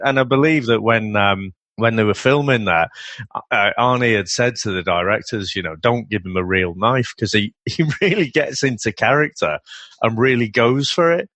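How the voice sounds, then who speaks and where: A man co-hosting a casual film review podcast, chatty and quick to laugh, with a lot of rambling asides. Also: medium pitch, a bit bright, no echo. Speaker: podcast co-host.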